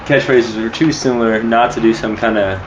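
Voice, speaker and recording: A man co-hosting a wrestling podcast in casual chat, recapping events in a relaxed, measured way. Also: medium pitch, echoey room, a little hiss or hum. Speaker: podcast co-host.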